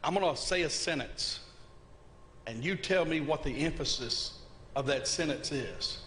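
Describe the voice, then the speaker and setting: A male pastor with a high-pitched voice delivers a sermon. He is animated and conversational and keeps asking his listeners questions. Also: unhurried, slight background noise.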